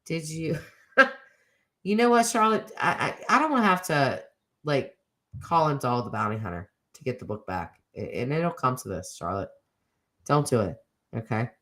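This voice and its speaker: Low-voiced, teasing middle-aged woman host. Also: expressive, fairly bright tone. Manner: chatty, teasing, laughs often, quick asides. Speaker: livestream host reading chat. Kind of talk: casual chat.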